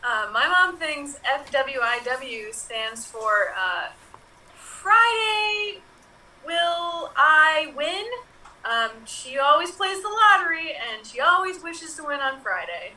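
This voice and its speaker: A woman improv player delivering deadpan quips on a video call. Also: high voice, a little slow, hardly any pauses. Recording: echoey room, distant mic, faint hiss.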